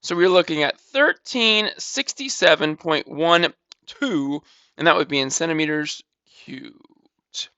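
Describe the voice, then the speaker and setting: A man teaches math in a casual, step-by-step manner, repeating figures as he works through them. His voice sits high and bright. The recording is dry and a little dull. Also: slow pace, no room sound. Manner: talks through calculations step by step, casual, repeats numbers, says "blah, blah". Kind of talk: recorded math lesson walkthrough.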